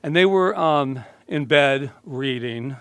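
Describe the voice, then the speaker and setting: A man's voice: medium pitch, animated, takes it slowly, a bit bright, clean tone, dry recording. A male minister giving a casual, joking sermon and chatting with his congregation. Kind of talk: conversational sermon.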